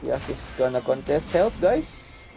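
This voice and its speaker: Gravelly Filipino-accented gamer calling plays. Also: male voice, mid-range voice, slow pace, music in the background. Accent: Filipino English. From Philippines. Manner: short clipped callouts, repeats words in bursts. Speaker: mobile game streamer. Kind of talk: live gameplay commentary.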